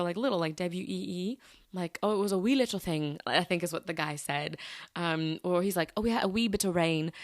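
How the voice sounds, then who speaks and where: A woman's voice: fairly low pitch, dry recording, clean studio sound. A young woman chatting solo on her podcast, rambling with lots of fillers and giggles. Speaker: podcast host. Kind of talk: casual solo chat.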